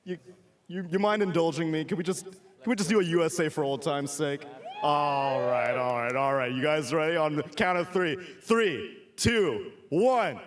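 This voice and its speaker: A man from the United States hosting a live esports event, energetic and joking. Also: a little high, brisk. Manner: energetic, joking, hyping the crowd. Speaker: esports broadcast host. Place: convention center stage. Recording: loud live crowd behind.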